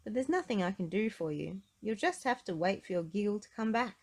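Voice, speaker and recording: A woman voicing a brisk, fussy male doctor examining a patient. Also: medium pitch, expressive, voice pushed up. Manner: brisk, murmuring hmm.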